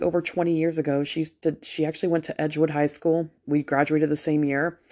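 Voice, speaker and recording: A woman's voice: deep voice, creaky, warm tone. A nurse of about forty tells her story in a chatty, unfiltered way, swearing freely as she goes. She has just come out of anesthesia after a procedure, and her delivery stays loose and conversational. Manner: candid, profane, chatty. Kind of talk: casual storytelling to camera.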